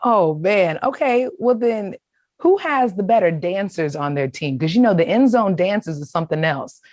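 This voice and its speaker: A woman's voice: medium pitch, animated, a little mellow, no echo. A woman hosting an interview, asking playful questions in an upbeat way. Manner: upbeat, playful, quick to laugh. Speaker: host, interviewer.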